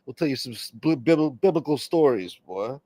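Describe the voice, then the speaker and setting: A man's voice: mid-range voice, animated, normal speed, mellow, no room sound. A man hosting a casual livestream, rambling, swearing freely and reading viewer comments aloud. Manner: rambling, profane, reads chat aloud. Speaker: livestream host.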